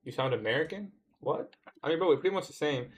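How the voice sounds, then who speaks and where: A man's voice: fairly high pitch, animated, fast, slight background noise. A young man from Canada with a Toronto accent, chatting casually on a trading livestream and answering viewers in laid-back slang.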